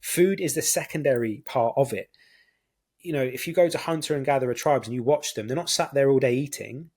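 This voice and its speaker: A man's voice: medium pitch, brisk, a little mellow, husky. A man from Britain hosting a podcast, explaining his ideas in an enthusiastic casual chat. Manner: enthusiastic, explanatory, many fillers. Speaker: podcast host.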